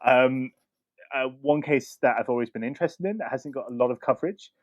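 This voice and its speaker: A man's voice: mid-range voice, a little fast, no room sound, dull audio. A man in his thirties co-hosting a podcast, chatting casually and rambling with plenty of ums and restarts. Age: 30s. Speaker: podcast co-host. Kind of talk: casual chat.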